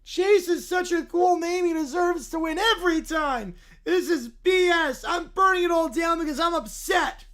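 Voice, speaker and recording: A man voicing a bratty young boy in a furious tantrum, whining, shouting and tearful as he reads a story in character. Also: very high voice, moderate pace, few pauses, voice pushed up. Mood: whiny tantrum. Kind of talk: reading an AI-written story in character.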